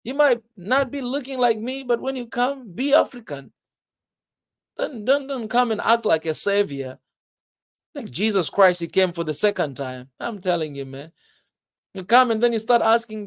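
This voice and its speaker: Man vlogger with a higher-pitched voice; loose, emphatic, laughing delivery straight to camera. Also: lively intonation, normal speed. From Tanzania. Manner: emphatic, keeps saying "man", laughs often. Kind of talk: casual monologue to viewers.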